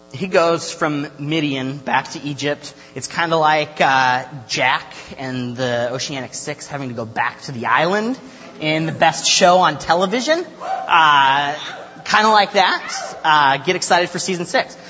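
A man's voice: a little high, pushed and bright. Chatty young man teaching in an echoey hall. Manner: chatty and joking, many filler uhs. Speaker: youth Bible study teacher. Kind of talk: casual Bible lesson with prayer and stories. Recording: reverberant lo-fi hall recording with faint hum.

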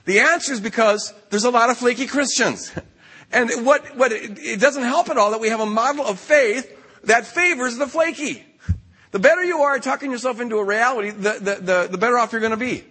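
A man giving an animated sermon at a retreat camp, acting out the voices in the stories he tells. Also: extremely high pitch, fairly quick, husky, long reverb tail. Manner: animated, acts out quoted voices. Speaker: retreat speaker.

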